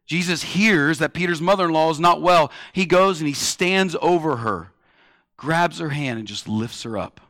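A man's voice: fairly high pitch, no echo. Storytelling male preacher, dry sound. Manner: storytelling preacher, swings from loud to hushed. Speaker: pastor. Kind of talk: sermon.

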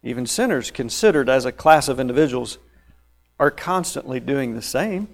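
A man preaching a sermon, explaining scripture verse by verse and swinging between loud emphatic phrases and quieter asides. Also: expressive, normal speed, vocal fry. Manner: emphatic, rising to loud stressed phrases then dropping low.

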